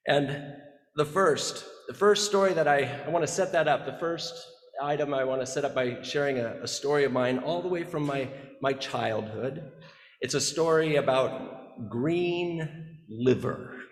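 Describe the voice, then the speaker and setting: A man's voice: medium pitch, gravelly. A man from the Midwest telling a story in a sermon, in a conversational way that often restarts his sentences. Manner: conversational, chatty, with frequent restarts. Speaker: guest preacher. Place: church sanctuary. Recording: echoey church hall.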